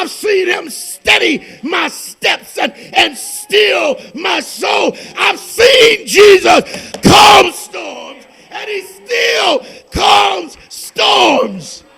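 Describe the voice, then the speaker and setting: A man preaching a fervent sermon as pastor, dropping to a hush and then building to shouted, repeated lines. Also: very high voice, vocal fry.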